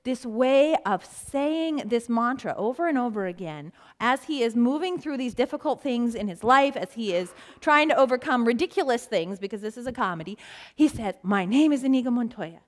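A woman's voice: on the high side, lively intonation, moderate pace. A middle-aged woman pastor giving a sermon in a church, telling family stories in a conversational way and asking rhetorical questions. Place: church sanctuary.

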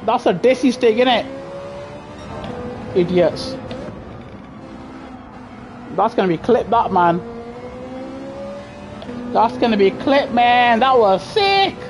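A man giving live commentary over his racing game through a gaming headset, muttering to himself and breaking into excited shouts. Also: very high-pitched, slow, pauses often, rough recording. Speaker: gaming streamer. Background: game music and car engine sounds.

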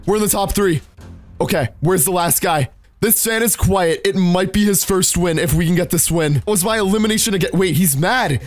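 A high-pitched young man in his late teens narrates a video game in a jittery, excitable way, talking right to his audience. Soft music plays underneath. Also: moderate pace, no echo. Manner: anxious, excitable, addresses viewers directly. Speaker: gaming YouTuber. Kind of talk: scripted gameplay commentary.

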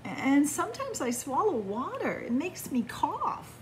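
A woman's voice: sits high, very animated, slow, slight background noise, pitched above the performer's own voice, heavily acted. Woman doing a timid little duckling. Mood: wistful. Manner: small, wistful, hesitant.

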